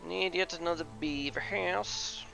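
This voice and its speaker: A man's voice: high voice, unhurried, vocal fry, sharp tone, faint music behind. A man casually commenting on his gameplay as he plays, talking to himself and to the game with mock rants. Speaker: gameplay streamer.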